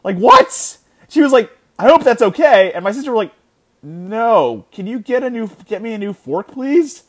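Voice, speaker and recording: Male podcast host, 30, a bit higher-pitched, casual storyteller with restarts. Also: moderate pace, a little hiss or hum. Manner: animated storytelling, many restarts and filler words. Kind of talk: casual solo sports podcast chat. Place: his house.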